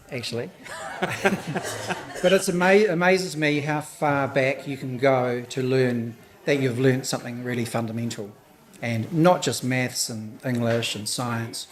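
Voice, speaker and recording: A man speaks at a gallery opening, nervous and halting, often restarting his sentences and laughing softly. His voice sounds a little hoarse and thick with emotion. His pitch sits in an ordinary middle range for a man. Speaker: exhibiting artist.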